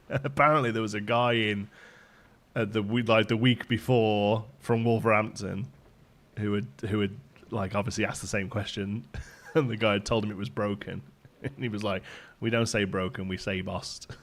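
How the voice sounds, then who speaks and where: Streaming a game at home in Ontario, Canada, a man chats casually with his audience and laughs frequently. He has a fairly low, fairly bright voice, fairly even intonation, and a moderate pace.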